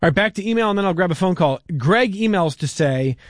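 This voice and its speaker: A man hosting a radio call-in show, reading listener emails and putting questions to his guest in a relaxed way. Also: sits high, fast, dry recording, clean studio sound. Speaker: radio talk show host.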